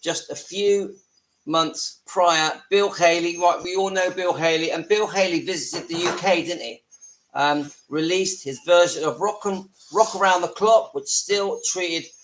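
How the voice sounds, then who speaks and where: A man's voice: high voice, unhurried, a little hiss or hum, rough recording. Chatty man hosting a livestream. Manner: chatty, talks to viewers, breaks off to hush children. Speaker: livestream host. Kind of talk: casual live-stream chat. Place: home with family around.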